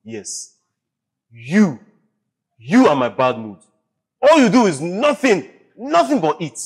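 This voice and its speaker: A man playing a cruel mocking husband, Nigerian accent, unhurried, scornful delivery. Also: high-pitched, sing-song, husky, exaggerated voice. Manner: scornful, taunting. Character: cruel husband mocking his wife's weight.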